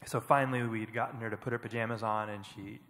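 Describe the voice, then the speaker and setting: A man giving an earnest, reflective personal testimony as a panel speaker at church, often pausing and halting. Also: lowish voice, fairly even intonation, fairly bright tone, long reverb tail, slight background noise. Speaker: panel speaker, foster parent.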